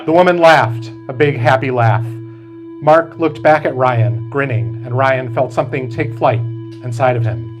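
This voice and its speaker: Man reading his novel, slow, music behind. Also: mid-range voice, poor audio. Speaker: author. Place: bookstore event.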